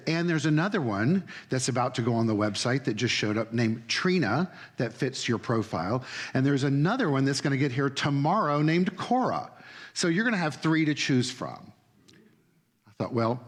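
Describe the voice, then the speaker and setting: A minister delivering a sermon as a relaxed, conversational story, acting out the voices of people he quotes. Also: medium pitch. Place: church sanctuary.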